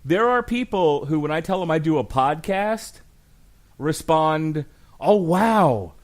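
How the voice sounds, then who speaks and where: A man in his forties hosting a podcast and arguing a case about a film with emphatic, animated delivery and frequent laughter. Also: a little high, a little slow. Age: 40s. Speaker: podcast host. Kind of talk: mock-trial film debate podcast.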